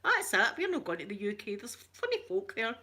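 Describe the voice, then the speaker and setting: A woman's voice: a little high, huge pitch swings, brisk, sharp tone, slightly rough. A middle-aged woman with a Glaswegian Scottish accent, chatting casually with her live stream viewers, greeting them by name and laughing often. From Scotland.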